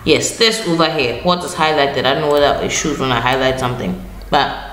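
Over a screen share, a woman gives a grammar lesson online in a very deep but fairly bright voice at an ordinary speed. Patiently, she repeats important phrases and fixes her own slips as she goes. Faint ambient noise fills an echoey room.

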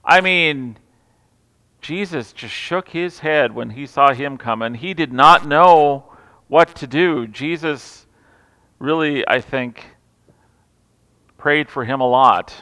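A man preaching a Christmas Eve sermon, telling stories with humor and swinging from loud declarations to hushed asides. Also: on the high side, slow, long pauses, clean tone. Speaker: pastor. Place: large church sanctuary. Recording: reverberant church hall.

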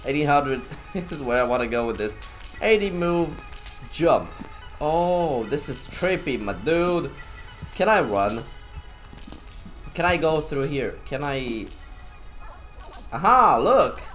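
A young man giving goofy, playful let's-play commentary as a gaming YouTuber, laughing often and at times shouting. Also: mid-range voice.

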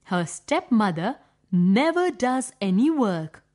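Very slow woman storyteller for children. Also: mid-range voice, very animated, a little mellow. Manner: clear, deliberate, simple phrasing. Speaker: storyteller for young pupils.

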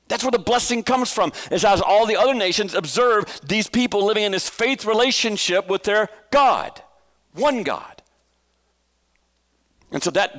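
A man's voice: high voice, a bit bright. A man preaching a conversational sermon as a pastor, often asking the listeners rhetorical questions. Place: church.

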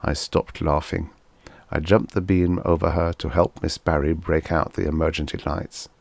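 Male audiobook reader, very low voice, gravelly, dry close recording. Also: level tone, normal speed, no room sound. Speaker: audiobook narrator. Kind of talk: scripted narration.

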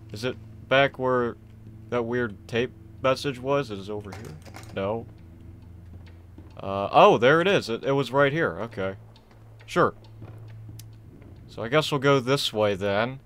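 A young man casually commenting on a horror game he is playing, rambling, excitable and self-deprecating. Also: medium pitch, a little slow, pauses often. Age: young adult. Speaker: gaming channel host. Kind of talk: casual let's-play commentary.

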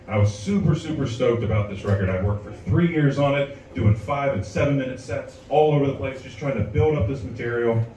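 On a comedy club stage, a man does stand-up, animatedly telling a long story and acting out other people's voices. His medium-pitched delivery is fairly quick with hardly any pauses; the live recording is roomy and distant, with slight noise and audience laughter.

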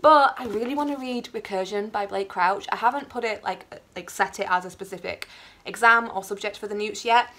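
A woman's voice: medium pitch, fairly quick, sharp tone. A young woman, chatting casually in a book vlog, effusive and rambling. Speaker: booktuber.

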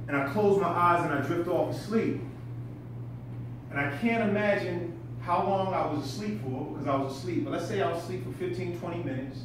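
A man telling a story in a stand-up comedy set, laughing at his own tale and swearing freely. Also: fairly high pitch. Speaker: stand-up comic. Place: comedy club stage. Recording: echoey room, distant mic, background noise.

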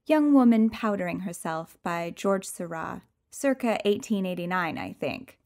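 Slow, expressive woman reading an audiobook. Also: lowish voice. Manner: expressive, swinging from hushed to excited. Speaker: audiobook reader. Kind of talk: first-person audiobook narration.

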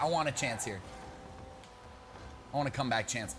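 Excitable young man commentating gameplay. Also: mid-range voice, normal speed, pauses often. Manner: excitable, chatty, talks to teammate, bursts into loud shouts. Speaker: gaming YouTuber. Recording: background noise.

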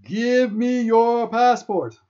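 A man's voice: very high voice, drawn-out words, dark tone, voice pushed up, exaggerated voice. A man voicing a big, burly, angry Dutch security guard who bellows the same demand over and over. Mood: shouting. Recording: dull lo-fi recording.

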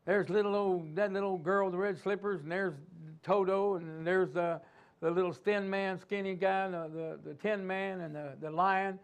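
Male pastor, sermon delivery; very high voice, animated, slips into character voices. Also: moderate pace, clear, resonant tone, muffled recording. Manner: animated preaching with acted-out voices and asides.

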